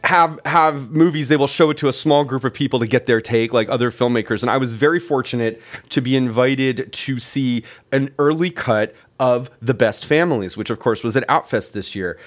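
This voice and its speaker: A man's voice: medium pitch, normal speed, few pauses. A man hosting a podcast interview, chatty and enthusiastic, with frequent "like" fillers. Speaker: podcast host. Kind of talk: casual interview.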